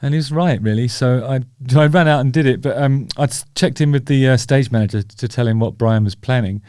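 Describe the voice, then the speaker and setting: A man's voice: mid-range voice, a little fast, warm tone, smooth, no room sound, clean studio sound. A man hosting his own show, chatty and wry, poking fun at himself as he rambles on. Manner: chatty, wry, self-deprecating, rambling with fillers. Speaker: host. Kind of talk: casual talking-head commentary.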